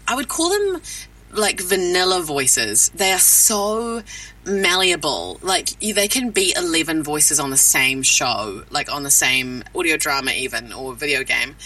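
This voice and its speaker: A woman voice actor in a podcast interview, talking in an animated way with quick asides and frequent laughs. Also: medium pitch, recorded from a distance, poor audio.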